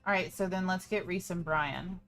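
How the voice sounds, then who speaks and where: A woman's voice: lowish voice, normal speed, a bit bright, faint music behind. A woman player talking through plans in a casual, hesitant way. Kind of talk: casual game talk.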